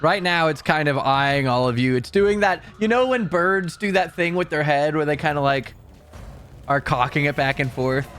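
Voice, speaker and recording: A man narrating as game master for a tabletop game, describing the scene in a halting way with many fillers. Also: on the high side, a bit bright, slight background noise.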